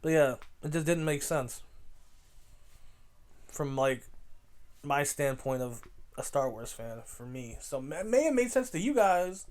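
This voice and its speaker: A man's voice: fairly high pitch, expressive, unhurried, pauses often, a little mellow. A man hosting a casual solo podcast, rambling and correcting himself, swearing now and then. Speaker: podcast host.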